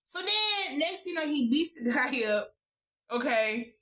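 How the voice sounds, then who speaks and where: A woman recapping a TV episode in a casual vlog, animated, slangy and profane. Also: sits high, unhurried. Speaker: TV show reviewer.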